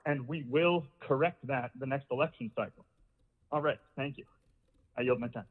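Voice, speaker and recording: A man's voice: on the high side, brisk. An out-of-breath man calling in with a public comment, insistent and frustrated. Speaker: public caller. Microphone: phone. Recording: phone line with long reverb.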